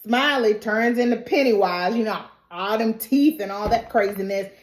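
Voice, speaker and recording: A woman giving a casual, animated recap and reaction, laughing often and acting out the characters' quotes. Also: medium pitch, normal speed, a little hiss or hum. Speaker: TV recap vlogger. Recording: roomy echo.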